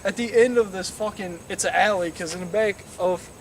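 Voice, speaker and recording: Young man, profane and animated storyteller, high-pitched, recorded from a distance. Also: fairly quick. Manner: profane, animated, imitates engine noises. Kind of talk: casual drunk storytelling. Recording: distant mic, faint noise.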